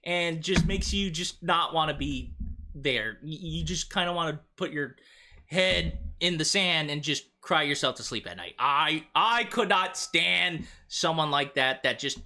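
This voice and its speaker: A man's voice: on the high side, measured pace, pushed and bright. A young man streaming, giving blunt, rambling reaction commentary full of fillers and restarts.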